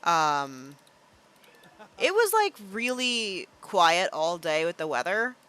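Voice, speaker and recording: Chatty young woman with a lowish voice. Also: sing-song, slow, a bit bright. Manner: chatty and playful, thinks aloud with fillers. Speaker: streamer. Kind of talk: casual live-stream game commentary.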